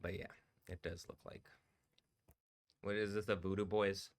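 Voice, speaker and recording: A man's voice: low voice, level tone, measured pace. A man rambling and swearing on a live stream, often breaking into laughter. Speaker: livestreaming DJ.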